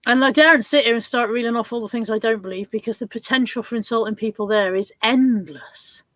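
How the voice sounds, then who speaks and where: A woman's voice: a little high, fairly quick, fairly bright tone, no echo. A woman chatting casually as co-host of a live stream, wry and self-mocking.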